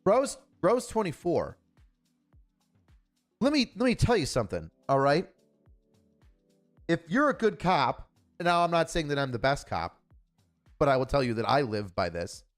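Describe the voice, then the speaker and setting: A retired police officer from Buffalo, New York, gives casual, profane livestream commentary on the news, bluntly telling stories with acted dialogue. His fairly high voice swings widely in pitch, he speaks a little slowly with frequent pauses, and soft music plays behind him.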